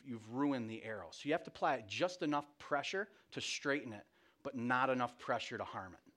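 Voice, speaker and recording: A man with a mid-range voice preaches casually, sharing stories about his family. He frequently starts over and pokes fun at himself along the way.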